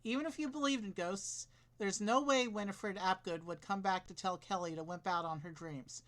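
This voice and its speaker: A man's voice: high-pitched, normal speed, fairly bright tone. A man voicing a curious, skeptical young boy in plain read-aloud delivery for a game.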